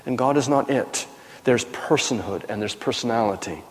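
A man's voice: mid-range voice, normal speed. A man, a pastor, teaching a session in a conversational style with frequent fillers and self-corrections. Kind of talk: teaching sermon. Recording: long hall reverb.

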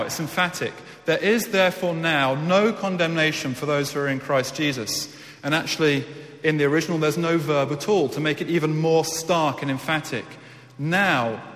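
A man's voice: a little high, a bit bright. A man preaching an earnest, emphatic sermon. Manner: earnest, emphatic with repeated words. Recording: echoey hall.

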